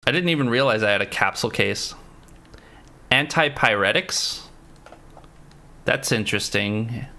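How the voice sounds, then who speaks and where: A man's voice: fairly low pitch, bright, forceful tone. A man casually commentating a game stream, chatty, swearing and answering his chat.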